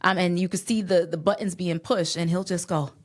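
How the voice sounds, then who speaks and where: A woman's voice: on the low side, steady tone, fairly quick. A woman guest on a podcast, talking with emphatic conviction and faith. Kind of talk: casual conversation.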